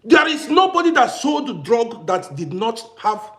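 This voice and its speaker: Emphatic man with a lively, high voice. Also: measured pace. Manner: emphatic, repetitive, challenging. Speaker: vlogger. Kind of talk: ranting to camera. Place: living in Austria.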